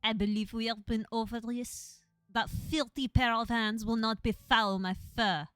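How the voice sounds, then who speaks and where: Snooty French-accented cat, scornful and grand, slightly higher than a typical woman, done by a woman. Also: steady tone, a bit bright, clear, resonant tone, dry recording. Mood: disdainful. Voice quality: haughty, contemptuous, slow and grand. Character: haughty disdainful cat with a French manner.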